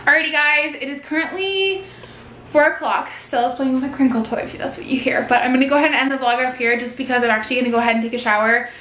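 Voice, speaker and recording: A woman vlogging casually at home, gushing and excitable as she talks to the camera. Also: sits high, fast talker, reverberant, faint music behind. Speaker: lifestyle vlogger. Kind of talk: casual vlog narration to camera. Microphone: vlog camera mic.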